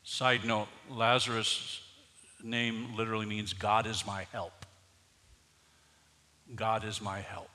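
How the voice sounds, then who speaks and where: A man preaching a sermon as pastor, moving from quiet scripture reading to loud, emphatic preaching. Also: mid-range voice, takes it slowly, long pauses, long reverb tail.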